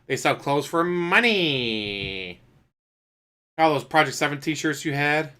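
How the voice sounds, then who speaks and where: A man's voice: on the high side, lively intonation, takes it slowly, bright, forceful tone, clear, resonant tone. A man making sarcastic, mocking comments on a streamer's rant, crude and dry.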